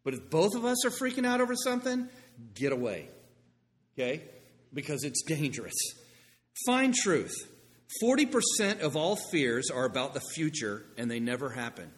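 Animated male pastor in a reverberant sanctuary. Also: on the high side, moderate pace. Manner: animated storytelling, conversational asides. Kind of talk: sermon. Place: church sanctuary. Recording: long reverb in a large room.

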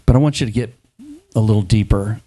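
A middle-aged man preaching a sermon, animated and playful, acting out the dialogue of biblical scenes in quick voices. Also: on the low side.

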